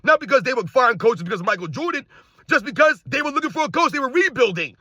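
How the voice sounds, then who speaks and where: A sports commentary host rants in a high, bright, sharp voice, talking fast with big pitch swings. He keeps firing emphatic, repetitive rhetorical questions, calls his viewers "guys," and occasionally breaks into a shout. The sound is dry and close, with no room around it.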